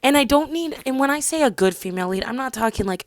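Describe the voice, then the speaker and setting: A woman's voice: mid-range voice, fast talker, hardly any pauses, no room sound. Chatty young woman ranting to camera. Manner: chatty, animated, often drops to a whisper for asides. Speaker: vlogger. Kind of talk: casual rant to camera.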